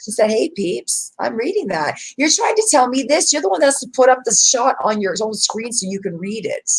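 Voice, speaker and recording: A woman hosting a casual livestream chat, emphatic and animated, often talking over her guest. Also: on the high side, brisk, slightly rough, poor audio. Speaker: livestream host.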